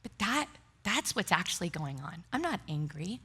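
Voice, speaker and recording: Animated woman pastor with a bright voice. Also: on the low side, moderate pace, slightly rough. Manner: animated, acts out dialogue with laughs. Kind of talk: sermon storytelling. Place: church stage.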